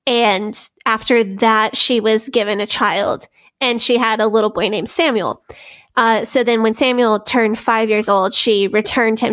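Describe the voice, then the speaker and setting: A young woman co-hosting a podcast in casual chat, relaxed and informal, quick to laugh. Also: on the high side. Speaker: podcast co-host.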